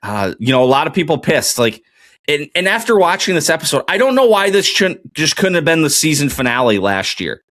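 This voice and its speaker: Brisk and fairly high-pitched, with big swings in pitch and a bit of brightness, this solo podcaster mutters his guesses while playing a geography quiz. Afterward he drifts into a filler-heavy TV recap, and there's no echo on the recording.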